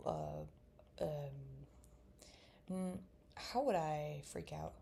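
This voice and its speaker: A woman's voice: low-pitched, steady tone, slow, vocal fry, dark tone, slight background noise. A young woman in casual chat while drawing, rambling and mumbling to herself as she works. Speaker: vlogger.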